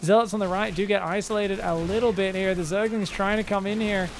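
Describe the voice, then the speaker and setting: A man casting viewer-sent game replays in a casual, joking commentary style, often laughing and getting excited. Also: sits high, fairly quick, slight background noise. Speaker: game caster.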